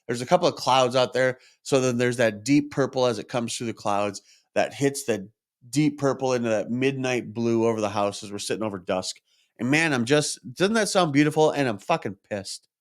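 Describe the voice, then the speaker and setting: A man, a podcast host, telling a personal story in a candid, self-reflective monologue, openly frustrated and swearing at times. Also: medium pitch.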